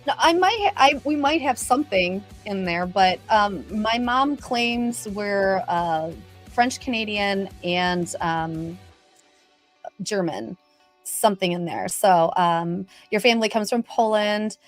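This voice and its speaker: A woman's voice: medium pitch, slow, soft background music. A middle-aged woman hosting a casual livestream, chatty and bubbly, greeting viewers by name. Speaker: livestream host.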